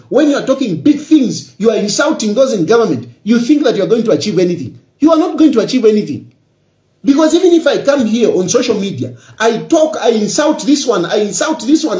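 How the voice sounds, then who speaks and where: A man's voice: extremely high pitch, darkish tone. A Zambian man talking to his audience in an emphatic, repetitive way that builds to insistence. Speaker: politician. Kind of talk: political address to social media. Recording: echoey, dull lo-fi room sound.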